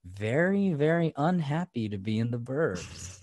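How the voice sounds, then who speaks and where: A man co-hosting a casual podcast, animated and laughing often, cursing freely as he chats. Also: medium pitch, unhurried, dry recording, studio quality. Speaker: podcast co-host.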